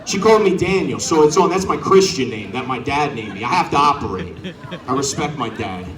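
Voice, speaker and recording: A man's voice: mid-range voice, expressive, a little fast, roomy sound, far from the mic. A man doing a stand-up set outdoors, teasing the crowd and acting out characters. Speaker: stand-up comedian. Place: outdoor show on a front lawn. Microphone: corded handheld mic.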